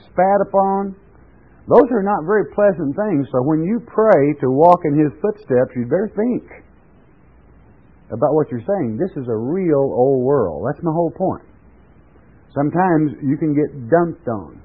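A man's voice: mid-range voice, husky. An older man delivers a folksy sermon, shifting easily from homespun stories into scripture. He chuckles now and then as he talks. The recording is a narrow, tinny radio broadcast. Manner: folksy storytelling, chuckles often. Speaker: preacher.

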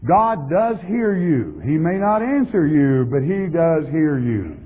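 A man's voice: fairly high pitch, very animated, slow, hardly any pauses, slightly rough. A man preaching a sermon as pastor, emphatic and repeating words for stress, on a tinny, lo-fi recording. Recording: tinny lo-fi sound in a reverberant hall.

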